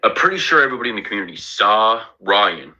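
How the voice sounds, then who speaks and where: A man's voice: on the low side, sing-song, quick pace, pushed and bright, slightly rough. A man talking bluntly and profanely in casual heated stream chat. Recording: lo-fi muffled audio.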